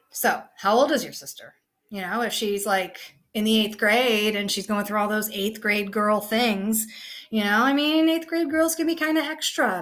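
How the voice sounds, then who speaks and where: A woman's voice: medium pitch, fairly bright tone. A woman teacher talking casually through an online lesson, peppering her explanations with "okay" and "you know.". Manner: conversational, many fillers like "okay" and "you know".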